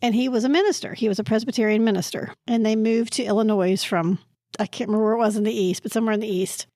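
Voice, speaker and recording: A woman co-hosting a library book podcast, recorded at a library, talking casually and slowly about a book she picked, pausing to search for words. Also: on the high side, fairly even intonation, a little mellow, no room sound, clean studio sound. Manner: slow, searching for words, laughing at times. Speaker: podcast co-host presenting a book pick.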